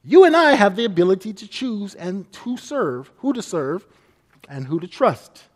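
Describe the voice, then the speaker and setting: A man's voice: high-pitched, big pitch swings, moderate pace, long reverb tail. A man preaching a sermon as pastor, earnest, and often acting out the people he quotes.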